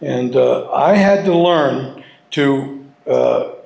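A man sharing his personal story with an audience at a recovery meeting, halting and heartfelt, restarting and repeating his words as he goes. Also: mid-range voice, creaky, darkish tone. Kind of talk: personal testimony to a live audience. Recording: roomy hall sound.

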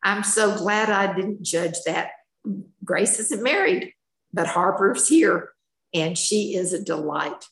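Gravelly older woman telling her story. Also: mid-range voice, expressive, slow, fairly bright tone. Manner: candid, plainspoken, folksy. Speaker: retired schoolteacher sharing her recovery story. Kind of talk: personal storytelling, candid share. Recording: echoey room.

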